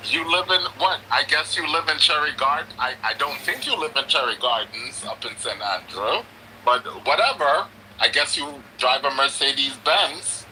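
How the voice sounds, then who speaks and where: Bright-voiced man firing rhetorical questions. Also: medium pitch, normal speed, a little hiss or hum, low-quality recording. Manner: animated, asks pointed rhetorical questions. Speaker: guest on a live stream. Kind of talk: casual chat.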